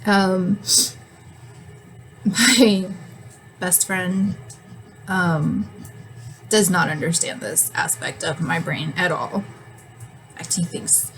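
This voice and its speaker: A woman's voice: lowish voice, steady tone, very slow, pauses often, a bit bright, faint music behind, poor audio. A woman in her thirties, chatting casually to camera, rambling with ums and frequent laughs, a bit winded and yawning. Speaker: vlogger.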